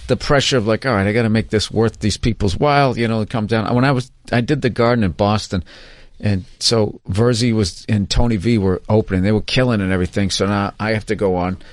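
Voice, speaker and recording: A man's voice: lowish voice, brisk, no echo, clean studio sound. A male comedian guest telling stories in casual chat, acting out quoted lines. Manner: animated anecdotes, acted-out quotes. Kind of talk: casual storytelling.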